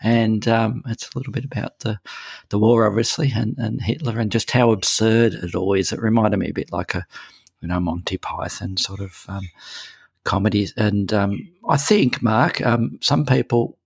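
A man's voice: on the low side, normal speed, vocal fry, breathy edge, no room sound. A man chatting casually on a radio segment, hesitant and full of ums and restarts. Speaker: regular guest on a veterinary news segment.

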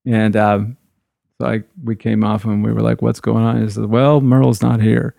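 A man's voice: on the low side, little pitch movement, moderate pace, vocal fry, warm tone, no echo, clean studio sound. A man, a guitarist, telling rambling stories from the road in a loose, conversational way. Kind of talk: anecdotal storytelling.

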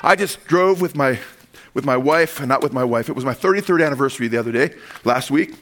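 A middle-aged man preaching a sermon, animated, with call-and-response amens. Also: mid-range voice, fast talker. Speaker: pastor.

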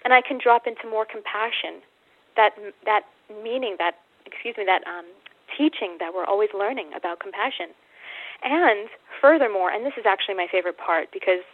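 A woman's voice: mid-range voice, dry recording. A woman guest author telling a personal story candidly, acting out her own inner voice. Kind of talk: casual storytelling. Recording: dry phone-like line.

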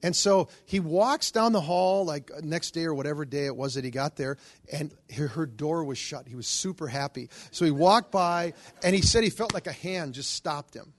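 Male preacher, middle-aged, fairly high voice, animated storyteller who acts out quoted voices. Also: moderate pace. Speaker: Catholic charismatic preacher. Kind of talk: storytelling sermon.

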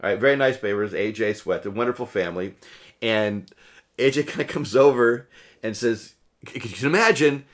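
Rambling, emotional New man, low voice. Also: moderate pace. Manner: rambling, emotional, laughs often, many restarts. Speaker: podcast co-host. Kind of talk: casual storytelling chat.

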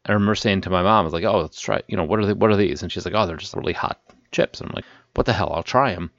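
A man from the Chicago area spins a story on a casual podcast, laughing and slipping into quoted voices. His voice sits low. The audio is dry and a little dull. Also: racing, gravelly, no echo. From Chicago area, Illinois. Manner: animated storyteller who laughs and acts out quotes. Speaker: podcast co-host. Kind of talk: casual chat.

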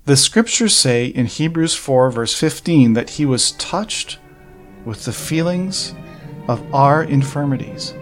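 A man's voice: mid-range voice, expressive, soft background music. Earnest male preacher expounding scripture. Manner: earnest, measured Bible exposition with rhetorical questions. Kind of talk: sermon.

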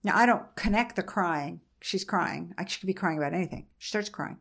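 A woman's voice: on the low side, brisk, gravelly, fairly bright tone, breathy edge. A woman in her forties, a mother being interviewed, telling her story in an earnest, conversational way, often restarting and repeating phrases.

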